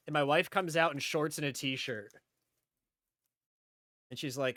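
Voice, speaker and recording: A man's voice: mid-range voice, moderate pace, pauses often, a bit bright, no echo, studio quality. A man streaming live, chatting casually and rambling as he talks to viewers, repeating himself often. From upstate New York.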